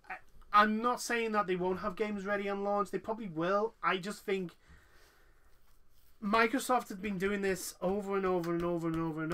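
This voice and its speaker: A man's voice: high-pitched, sharp tone. Blunt guy hosting a casual chat, swears a lot, says like all the time. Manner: blunt, swears, lots of "like" fillers. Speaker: podcast host.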